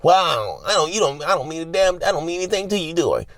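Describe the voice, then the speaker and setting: A man's voice: expressive, fast talker, a bit bright, dry recording, studio quality. A man putting on the voice of a whiny, self-pitying narcissist man who guilt-trips with plaintive questions. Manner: high plaintive whine, guilt-tripping questions.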